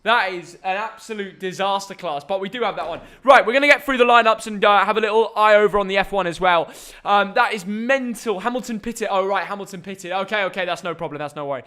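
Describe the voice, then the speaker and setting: A young English man, chatty and excitable, hosting a live football reaction stream and bantering with viewers at home. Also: sits high, fast, few pauses, smooth. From England.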